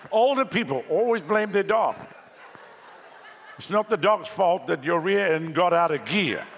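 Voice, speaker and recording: A man's voice: high-pitched, lively intonation, a little slow, a little hiss or hum. A male pastor preaching a sermon, telling jokes and stories to the congregation in a large church hall. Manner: joking, storytelling preacher. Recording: long hall reverb.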